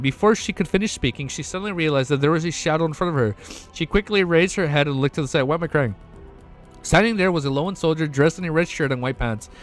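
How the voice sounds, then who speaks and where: A man reading a web novel aloud for his stream, breaking off now and then into emotional reactions. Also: fairly high pitch. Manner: reads narration, breaks off into emotional reactions and swearing. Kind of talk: casual reading with excited reactions.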